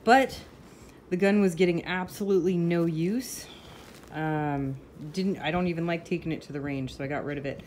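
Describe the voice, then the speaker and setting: A woman's voice: on the low side, moderate pace, a little mellow, a little hiss or hum. A woman casually chatting to the camera at home, telling stories and now and then breaking off to scold her dogs. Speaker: vlogger. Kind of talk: casual chat. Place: home with pets.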